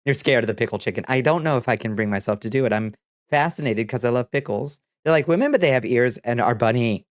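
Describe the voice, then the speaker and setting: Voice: mid-range voice, fast talker, dry recording, clean studio sound. A streamer from the American South, stuffy and congested, chatting casually with viewers, reading their messages and laughing often. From Southern United States. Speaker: VTuber streamer host. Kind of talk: casual livestream chat, reading chat aloud.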